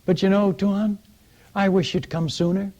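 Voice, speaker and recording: A man's voice: high-pitched, flat delivery, normal speed, dark tone, highs cut off, voice pushed up, close to an everyday voice. A man voicing a blunt, plain-spoken aging male tribal chief in a told story. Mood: earnest.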